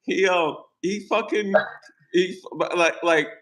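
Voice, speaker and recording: A man's voice: sits high, fairly even intonation, slow, a bit bright. A man hosting a podcast, chatting casually about a movie in a rambling, profane way. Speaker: podcast host.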